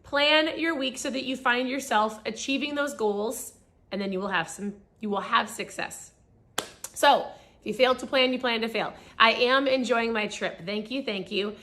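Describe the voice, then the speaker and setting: A woman in her forties, hoarse and raspy, chatting upbeat and motivational as host of a live stream. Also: on the high side, moderate pace, fairly bright tone. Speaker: podcast host. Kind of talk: casual live-stream chat.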